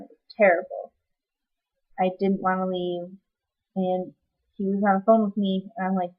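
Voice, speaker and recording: A young woman talks straight to her webcam in a loose, rambling way, dropping plenty of ums as she catches viewers up. Her voice sits at a middling pitch for a woman. The audio is slightly dull and lo-fi, like a built-in webcam mic. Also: flat delivery, moderate pace, long pauses. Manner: rambling, chatty, with many ums. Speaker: vlogger. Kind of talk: casual personal update vlog.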